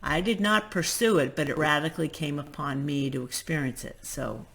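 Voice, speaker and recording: A woman's voice: low-pitched, normal speed, vocal fry, fairly bright tone. A woman giving a casual spoken talk as a spiritual teacher, frank and emphatic, often restarting her sentences.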